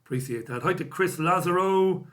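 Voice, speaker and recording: A man's voice: high-pitched, normal speed, a bit bright. An Irish man hosting a live stream, chatting casually and wryly as he reads out viewer comments. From Ireland. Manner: casual, wry, self-deprecating banter. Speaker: host.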